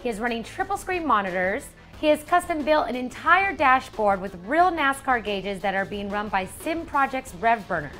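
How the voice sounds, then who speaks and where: A woman co-hosting a sim racing show, reading segment intros smoothly and teasing her co-host. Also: a little high, very animated, moderate pace, few pauses, a bit bright, soft background music. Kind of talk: scripted segment reading mixed with chat.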